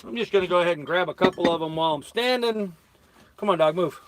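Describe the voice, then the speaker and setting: An older man, a sailing vlogger, chats casually with live-stream viewers from the cabin of his small sailboat on a lake, cracking jokes and laughing at them. His voice is high and quick, with slight background noise.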